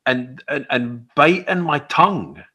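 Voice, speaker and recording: A Scottish man hosts a casual interview in a friendly, conversational way. His medium-pitched voice is slow, sharp in tone and slightly rough.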